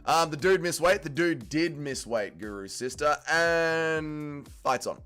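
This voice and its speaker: A man's voice: fairly high pitch, lively intonation, unhurried, a bit bright. Aussie guy on a livestream, casual and sweary, reading chat, bit of music faint behind him. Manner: blunt, profane banter with chat. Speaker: streamer hosting a fight watch-along.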